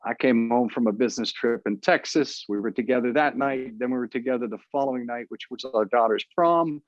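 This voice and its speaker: A man in his fifties, an author, telling his story in an interview in an earnest, halting way with many restarts. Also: medium pitch, dry recording, muffled recording.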